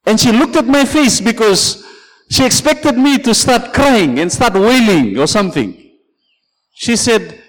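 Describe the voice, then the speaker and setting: A man's voice: very high voice, lively intonation, a little slow, big-room sound, poor audio. A man preaching a sermon as pastor, telling a story and calling out "Amen" and "Praise the Lord" to his congregation.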